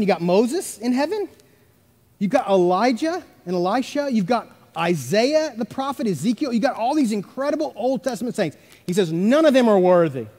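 A man preaching a sermon as pastor, emphatic, swinging between loud stresses and hushed asides. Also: very high-pitched. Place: church sanctuary. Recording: long church reverb.

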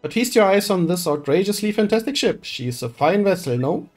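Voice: mid-range voice, lively intonation, fairly quick, natural voice. A streamer reading game dialogue aloud and voicing a pompous, flamboyant rich merchant with grand, theatrical delivery. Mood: grandiose.

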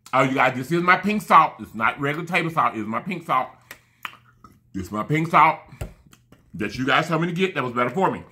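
A man's voice: on the high side, pushed and bright. A man chatting casually to camera while eating, effusive and rambling, thanking his viewers again and again. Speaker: mukbang vlogger.

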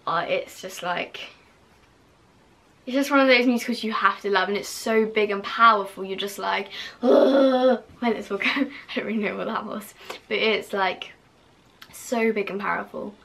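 A woman's voice: medium pitch, normal speed, vocal fry, bright, forceful tone. A young woman vlogging casually to camera, gushing and full of fillers, now and then dropping to a whisper.

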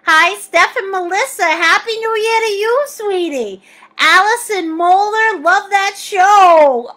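A bubbly middle-aged woman with a very high, bright, forceful voice. She hosts a live painting class, reading viewers' comments aloud with frequent laughter. She calls everyone sweetie and honey. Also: takes it slowly. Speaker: art teacher hosting a live paint class.

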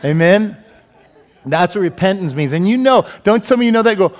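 A man preaching a sermon as pastor in a church, animated and joking, asking the congregation many questions. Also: high-pitched, fast. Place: church sanctuary.

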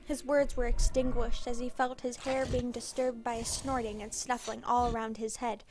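A woman narrating a scripted story in a measured, dramatic reading. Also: fairly high pitch, level tone, over music.

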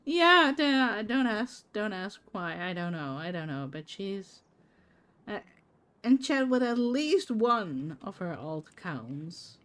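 A woman's voice: medium pitch, sing-song, slow, a bit bright. A woman streaming a game, chatting casually with her viewers by name and laughing often. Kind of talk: casual live-stream chat while gaming.

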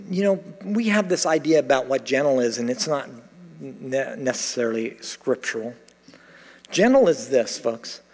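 Animated man preaching in a reverberant church. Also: medium pitch. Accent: American. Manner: animated storytelling, acting out quoted voices with laughs. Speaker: pastor. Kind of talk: sermon. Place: church sanctuary.

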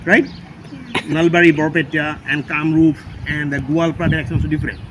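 A man's voice: a little high, little pitch movement, brisk, a bit bright, a little hiss or hum. A man with an Assamese accent teaching his daughter, patiently explaining and quizzing her word by word in a casual home lesson. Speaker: language teacher, channel host.

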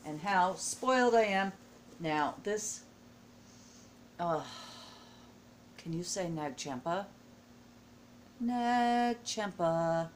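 Slow-talking gushing woman vlogger. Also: fairly low pitch, slight background noise. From United States. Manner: gushing, emotional, exclamatory. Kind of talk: casual vlog unboxing. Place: at home indoors.

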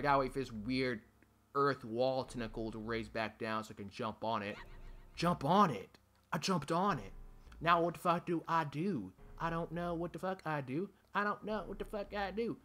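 A young man hosting a gaming channel comments on his play in let's play style, frustrated enough to swear at the game and plead with it. His voice is on the high side with a fairly bright tone.

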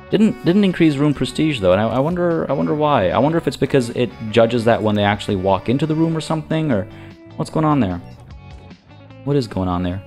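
Low-voiced man thinking aloud over a game. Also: a little mellow. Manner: chatty, self-deprecating, thinking aloud. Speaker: let's play host. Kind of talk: game commentary.

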